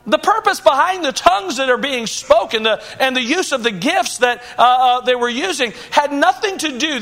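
High-voiced man preaching earnestly. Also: fairly bright tone. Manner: earnest preaching with rhetorical questions and frequent restarts. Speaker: pastor. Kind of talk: sermon.

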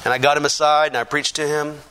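A middle-aged man from the Pacific Northwest giving a lively personal testimony, poking fun at himself and acting out what people said. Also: on the high side, fast, clear, resonant tone. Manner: lively, self-mocking storyteller who acts out quotes. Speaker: church testimony speaker.

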